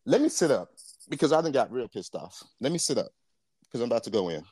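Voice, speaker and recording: A man's voice: medium pitch, sing-song, moderate pace, darkish tone, husky, dry recording. A man co-hosting a podcast, talking in a blunt, profane and impassioned casual rant. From Jamaica. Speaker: podcast co-host.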